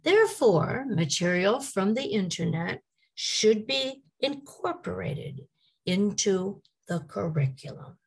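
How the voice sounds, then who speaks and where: Slow, expressive woman teaching English. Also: mid-range voice, creaky, slightly rough, low-quality recording. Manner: slow, deliberate, emphatic modeling of stress. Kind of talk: scripted teaching presentation.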